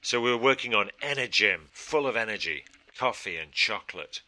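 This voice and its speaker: A man's voice: lowish voice, expressive, moderate pace. A man teaching a casual design tutorial, thinking aloud and answering his own questions as he works. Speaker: design instructor. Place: studio.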